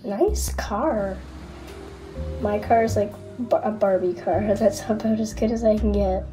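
A woman hosting a reaction video in casual chat with viewers, giggly and full of fillers, her voice a little rough from being sick. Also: mid-range voice, steady tone, normal speed, mellow, soft background music, rough recording. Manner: giggly and chatty, many fillers.

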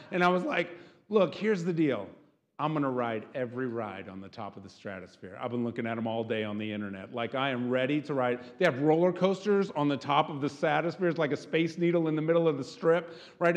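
A man preaching as pastor, animated, often checking in with the congregation with a quick "right?". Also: a little high, big-room sound. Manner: animated, keeps asking "right?". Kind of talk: sermon.

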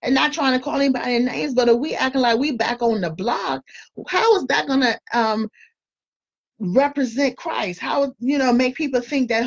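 A woman's voice: sits high, normal speed, lo-fi sound. A woman giving an informal Christian encouragement talk in an earnest, conversational way, often repeating words as she goes. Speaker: Christian speaker and school board candidate.

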